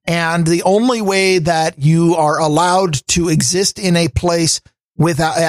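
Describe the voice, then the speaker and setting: A middle-aged man co-hosting a podcast, talking in a wry, halting way with frequent restarts. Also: fairly high pitch, no echo. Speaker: podcast co-host. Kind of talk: casual chat.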